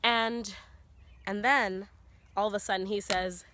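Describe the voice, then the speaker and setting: A woman's voice: medium pitch, a little slow, a little hiss or hum. A young woman tells a story outdoors in a forest, recorded on a camera on a tripod. She talks casually and fills her sentences with "you know" and "like", and her voice rises as the story builds. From Canada. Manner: chatty, heavy on "you know" and "like"; animated, voice rising as the story builds. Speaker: vlogger telling a story.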